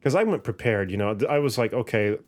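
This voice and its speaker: A man hosting a podcast in casual chat, animated, laughing often and swearing freely. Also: on the low side, fairly quick.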